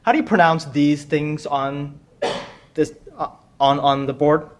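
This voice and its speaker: A man's voice: on the high side, steady tone, unhurried. Joking man hosting a live quiz. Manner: joking, chatty, repeats himself. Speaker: quiz host. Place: conference room with audience.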